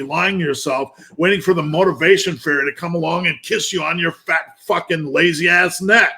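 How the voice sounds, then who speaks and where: Fifties guy ranting motivation, swears a ton, blunt and intense, bit higher voice. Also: gravelly, bright, forceful tone. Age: 50s. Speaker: motivational speaker. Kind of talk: profane motivational rant.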